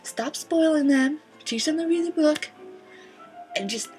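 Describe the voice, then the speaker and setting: A woman's voice: high voice, measured pace, darkish tone, faint music behind. A young woman vlogger ranting sarcastically and profanely, exasperated and blunt. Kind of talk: ranting vlog.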